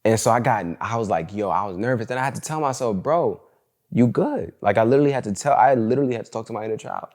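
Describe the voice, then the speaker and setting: A young man hosts a solo podcast in a slightly low voice. He talks in a loose, candid, slangy way and keeps "bro" and "like" running through his stories. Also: very fast, hardly any pauses, a little mellow. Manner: candid, slangy storytelling, fills talk with "bro" and "like". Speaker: podcast host. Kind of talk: casual solo podcast monologue.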